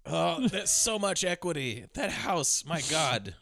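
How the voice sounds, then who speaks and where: A man's voice: a little high, very animated, takes it slowly, vocal fry, fairly bright tone, dry recording, clean studio sound. A man co-hosting a casual film review podcast, joking and swearing as he mimics characters. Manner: jokey, mimics characters in bursts, swears freely. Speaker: podcast co-host.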